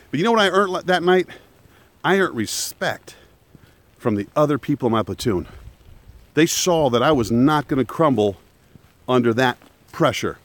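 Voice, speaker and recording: Animated man telling a story outdoors. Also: a little high, normal speed, pauses often. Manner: animated, emphatic storytelling with shouted quotes. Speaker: vlogger. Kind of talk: casual storytelling vlog. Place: woods outdoors. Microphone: phone held at arm's length for a selfie.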